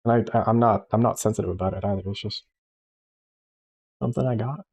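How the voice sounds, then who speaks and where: The drawing-stream host's voice is lowish, gravelly and husky with a slightly mellow quality, and he talks fast. He chats casually as he draws, rambling through a story thick with fillers and restarts.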